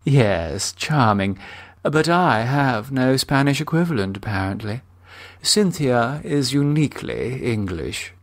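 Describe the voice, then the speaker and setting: A man's voice: mid-range voice, expressive, slow, dry recording. A man doing a prim English wife. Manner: prim, mildly exasperated. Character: prim, dry-witted English wife in her fifties.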